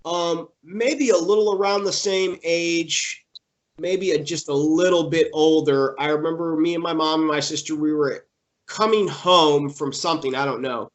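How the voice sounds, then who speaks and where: A young man being interviewed, telling a personal story in a halting way with many fillers and restarts, getting emotional. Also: fairly high pitch, fairly even intonation.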